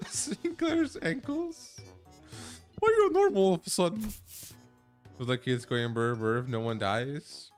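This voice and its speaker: A male streamer giving playful, laughing commentary while reading a story game aloud. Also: mid-range voice.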